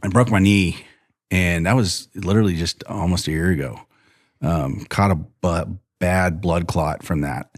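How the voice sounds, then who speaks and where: A man with a very low voice tells rodeo stories in a loose, rambling way, full of restarts and fillers. He jumps into other people's lines and laughs often. The sound is close and dry, with no room echo. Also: unhurried. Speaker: podcast guest, rodeo bullfighter and horseman. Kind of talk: casual storytelling interview.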